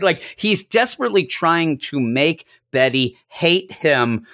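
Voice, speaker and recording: A man co-hosting a casual podcast chat, animated and laughing as he acts out scenes. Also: fairly high pitch, measured pace, hardly any pauses, no echo, studio quality. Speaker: podcast co-host. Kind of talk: casual comic book discussion.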